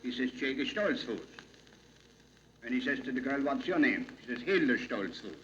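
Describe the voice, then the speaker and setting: A man's voice: medium pitch, very animated, normal speed, fairly bright tone, voice pushed down. A man playing a rambling old Pennsylvania Dutch professor who tells jokes in dialect, on a dull, hissy old recording. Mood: folksy. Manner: folksy, rambling joke-telling in dialect. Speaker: comic monologue character. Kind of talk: vintage comedy routine.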